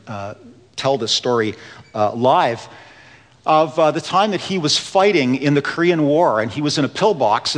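Brief earnest preacher in an echoing hall. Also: male voice, mid-range voice. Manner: earnest storytelling preacher, swings between hushed and rising emphasis. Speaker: pastor. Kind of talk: sermon. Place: church sanctuary. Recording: long reverb of a large hall.

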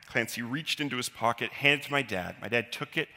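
A man telling a personal childhood story live, animated and self-deprecating, acting out the quotes. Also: mid-range voice, a little fast. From Canada. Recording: long hall reverb.

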